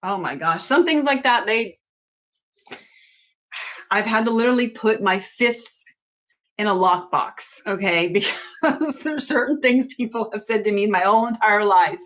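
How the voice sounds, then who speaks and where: A woman's voice: medium pitch, animated, a little slow, long pauses, a bit bright. Emphatic laughing woman astrology host. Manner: emphatic, laughs often, talks in blunt commands. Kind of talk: casual astrology talk to viewers.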